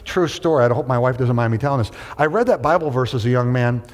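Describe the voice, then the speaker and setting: A man's voice: medium pitch, fast. A middle-aged man preaching a storytelling sermon, acting out the people in his story as he goes. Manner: animated, acts out every quote. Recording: long reverb of a large hall.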